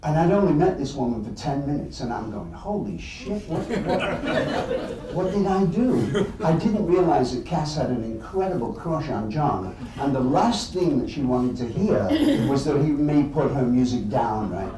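An English man from England telling anecdotes to an audience in an animated, chuckling way. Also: mid-range voice, moderate pace, few pauses, very echoey, recorded from a distance, rough recording. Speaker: guest storyteller.

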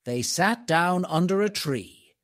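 A man narrating a simple storybook for English learners. He reads slowly and clearly, in a slightly high voice with lively intonation. The recording is dry and close. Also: dry recording. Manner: slow, clear, expressive reading.

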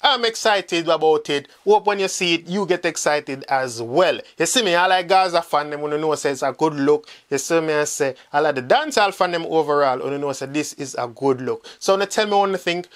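A Jamaican man runs through entertainment news in a loose, chatty way, slipping between patois and English. His voice sits a little high for a man, and he keeps turning to speak straight to his audience. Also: a little fast, hardly any pauses. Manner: chatty, addresses viewers directly, mixes patois and English. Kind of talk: casual gossip commentary.

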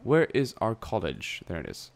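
Young man, very low voice, casual let's-play commentary, thinking aloud, desk mic. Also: huge pitch swings, moderate pace, gravelly. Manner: chatty, thinking aloud while playing, casual swearing. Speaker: gameplay commentator.

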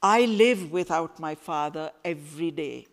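An earnest teenage boy, voiced by a woman reading her story aloud, low-voiced and firm, drawing each word out slowly. The sound rings through a hall with a long, trailing reverb. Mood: quiet.

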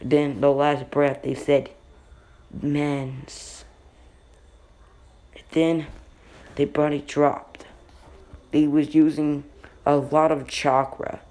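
A man narrating an improvised fan-fiction story in a halting, rambling way with slips. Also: on the high side, flat delivery, a little mellow.

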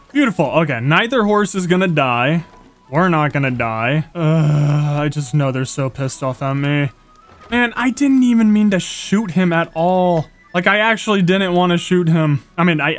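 A young man giving excitable live gameplay commentary, gasping, yelping and talking to the animals and monsters on screen. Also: fairly high pitch. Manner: excitable, talks to animals and mobs, frequent gasps and yelps. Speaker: gaming YouTuber. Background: faint game music.

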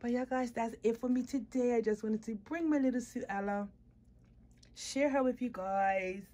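A woman's voice: on the high side, fairly even intonation, normal speed, mellow. A woman vlogging about her doll collection in casual chat to the camera, gushing and cooing baby talk at her doll.

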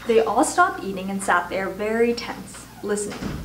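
A woman reading a children's book aloud with expressive storytelling. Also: mid-range voice, normal speed, noisy background. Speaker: reader. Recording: echoey room, distant mic.

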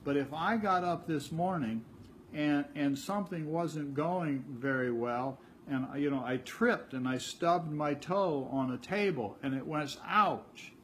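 A man's voice: on the high side, a little slow, slight background noise. Older man giving a chatty spiritual talk. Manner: conversational, repeats words, acts out little dialogues. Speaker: spiritual teacher.

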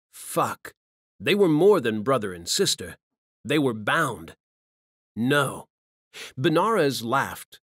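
A male audiobook narrator with a lively, animated delivery that rises and falls through dramatic scenes. The recording is dry and close, with no room sound. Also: mid-range voice, no echo. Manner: dramatic, expressive. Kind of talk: scripted narration.

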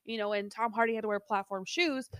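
A woman's voice: a little high, fairly even intonation, fast, fairly bright tone, clean tone, no echo, clean studio sound. A woman co-hosting a movie review show, chatting casually and rambling with many restarts. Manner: rambling, hesitant, full of restarts. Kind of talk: casual chat.

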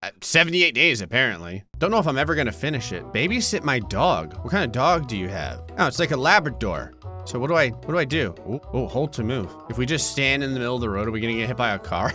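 A man giving comedic gameplay commentary, making wry jokes with sudden high-pitched outbursts. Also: big pitch swings, fast talker, sharp tone, faint music behind. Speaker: gaming channel host.

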